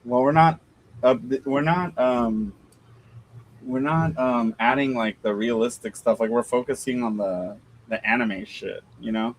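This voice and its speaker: A man's voice: mid-range voice, measured pace, slight background noise. Casual, profane man on a stream. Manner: swears freely, loose storytelling. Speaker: co-host of a doll shop stream. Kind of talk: casual chat.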